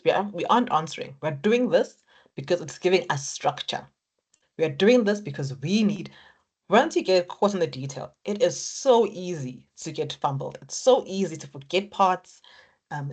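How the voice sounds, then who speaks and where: Woman lecturer, low voice, encouraging, walks students through steps. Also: a little mellow, slightly rough. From Africa. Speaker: accounting lecturer. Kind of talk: exam technique lecture.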